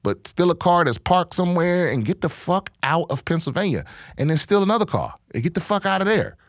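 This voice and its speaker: A man's voice: high-pitched, big pitch swings, fairly quick, no echo, studio quality. A man hosting a podcast, delivering a profane, rambling comic rant in a casual monologue. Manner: rambling, restarts often. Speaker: podcast host and comedian.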